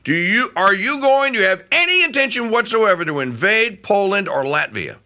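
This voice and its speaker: Animated, bright-voiced male radio host. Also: high voice, normal speed. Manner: animated, rambling with frequent restarts. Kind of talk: talk radio commentary.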